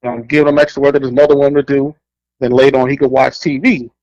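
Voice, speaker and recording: A man's voice: fast, no room sound, muffled recording. A man, telling blunt, profane stories in a casual chat and acting out the people in them. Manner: animated storyteller, acts out quotes in higher voice; blunt, profane, laughs often. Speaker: podcast co-host.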